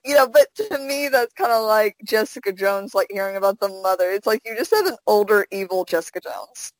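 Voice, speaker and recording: A woman's voice: mid-range voice, fairly quick, no echo, poor audio. A young adult woman co-hosting a podcast in casual chat, rambling with fillers and laughing often. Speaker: podcast co-host.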